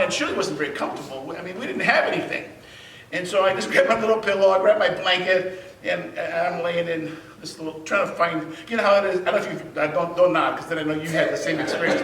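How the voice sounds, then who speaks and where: Teaching a Bible class in a church sanctuary, a man shares lively personal anecdotes, laughing, stumbling and starting over, and dropping his voice low for emphasis. It's recorded from a distance with reverberant church acoustics and a noisy background.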